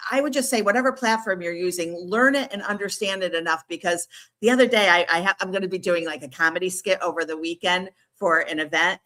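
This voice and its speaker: A woman's voice: fairly low pitch, bright, forceful tone. A middle-aged woman speaking as a podcast guest, chatting enthusiastically and promotionally. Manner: enthusiastic, quick to laugh, promotional. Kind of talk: casual interview chat.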